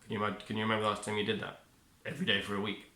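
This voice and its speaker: A man's voice: on the low side, monotone, very fast, bright, forceful tone. A man giving a rambling, upbeat self-help monologue, often cutting himself off mid-word. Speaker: vlogger. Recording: echoey room.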